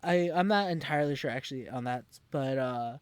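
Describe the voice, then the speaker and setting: A man's voice: mid-range voice, a little fast, clean tone, dry recording. A man co-hosting a casual podcast, recapping an episode with many fillers and restarts. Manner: rambling, lots of fillers and restarts. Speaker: podcast co-host.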